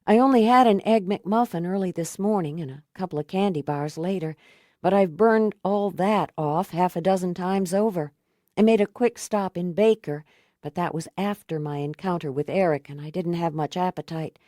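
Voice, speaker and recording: A woman's voice: moderate pace, warm tone, no room sound, studio quality, lightly acted. A woman voicing a frightened, exhausted young woman on the run in an audiobook, tense and tremulous. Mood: weary. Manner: tense and tremulous, lifting higher. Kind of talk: audiobook character voice.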